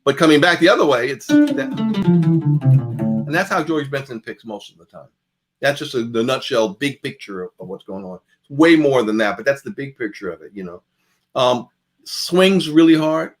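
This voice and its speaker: A man's voice: medium pitch, expressive, moderate pace. A man giving a jazz guitar masterclass, talking casually and calling out picking strokes as he demonstrates. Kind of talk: masterclass lecture.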